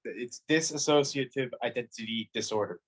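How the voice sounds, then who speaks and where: A young man chats on a podcast, keen to pass along behind-the-scenes film trivia. His voice sits at a middle pitch for a man, in an easy, conversational tone. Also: normal speed. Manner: enthusiastic, trivia-sharing. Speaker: podcast co-host. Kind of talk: casual podcast chat.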